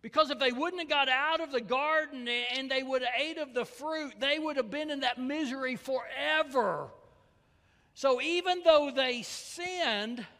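A man preaching a sermon as pastor in a church, his delivery swinging from raised calls to hushed, near-whispered lines. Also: very high voice. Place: church sanctuary. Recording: long reverb of a church hall.

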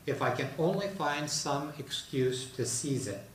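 A man's voice: a little high, lively intonation, measured pace, slight background noise. Bullying fable wolf, greedy, read aloud by a man; distant mic, roomy hall. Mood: scheming.

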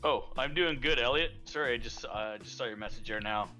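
A man's voice: medium pitch, fairly quick, pushed and bright, faint music behind. A man in his forties from Canada, co-hosting a gaming livestream with brief laid-back remarks. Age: 40s. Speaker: co-host. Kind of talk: casual gaming livestream chat.

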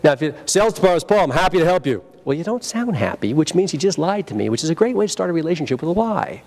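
A man's voice: fairly high pitch, racing. A man presenting a live sales training seminar at a convention, acting out phone greetings and drawing the room into call-and-response. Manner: energetic, acts out phone greetings, leads audience call-and-response.

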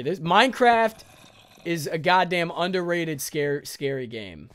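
A young man with a high-pitched voice talks through his video game as he plays. His commentary is casual, jumpy and full of swearing and panicky exclamations. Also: a little slow, clean tone. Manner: excitable, swears, panicky yelps. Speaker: gaming YouTuber. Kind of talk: casual let's-play commentary.

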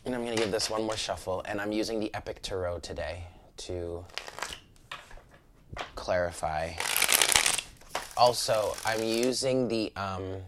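Blunt, cursing American tarot reader, low voice. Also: male voice, unhurried, pauses often, noisy background. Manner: blunt and cursing, laughing and exclaiming often. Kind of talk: casual tarot reading.

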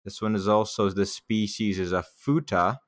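A man's voice: fairly low pitch, moderate pace. A young man casually commenting on his old childhood drawings, laid-back and joking, swearing now and then and laughing at himself.

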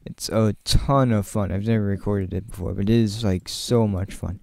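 This gaming channel host has a lowish, creaky, darkish voice with a steady tone at normal speed. Playing along, he rambles in casual chatter, addresses viewers directly, and jokes and laughs a lot.

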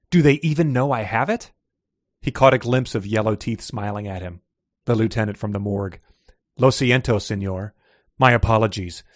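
A man's voice: fairly low pitch, no echo, clean studio sound. A man co-hosting a casual podcast, reading fiction excerpts aloud with light character voices and frequent laughter.

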